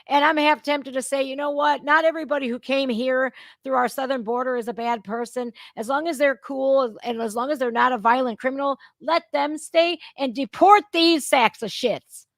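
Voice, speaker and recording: A woman's voice: high-pitched, moderate pace, few pauses, dry recording, studio quality. A woman hosting a reaction channel, ranting about politics in an angry, profane, emphatic way. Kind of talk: heated political rant.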